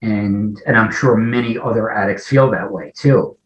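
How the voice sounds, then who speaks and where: A man in his forties recounts his own past in a low-pitched voice. He talks haltingly and often breaks off to restart a sentence. The audio is muffled lo-fi with a noticeable echo. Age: 40s. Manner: halting, restarts mid-sentence, acts out remembered dialogue. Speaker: guest sharing a recovery story. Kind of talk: personal storytelling in a conversation.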